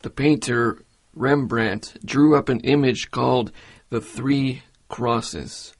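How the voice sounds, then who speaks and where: A man giving a devotional meditation in a measured, earnest way. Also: mid-range voice, steady tone. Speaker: preacher.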